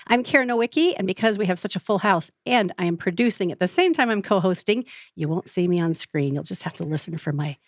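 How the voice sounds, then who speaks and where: A woman's voice: fairly low pitch, expressive, quick pace, no echo, clean studio sound. A woman co-hosting a podcast panel interview, giving upbeat, formal introductions. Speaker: podcast co-host and producer.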